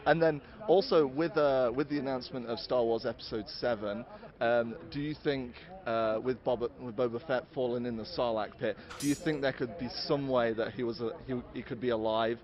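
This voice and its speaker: A man of middle pitch asks questions at a fan convention in a friendly, halting way, often pausing with fillers. The sound is dull and lo-fi. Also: fairly even intonation, a crowd in the background. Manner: friendly, hesitant with fillers, laughs easily. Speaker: interviewer. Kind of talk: casual convention interview.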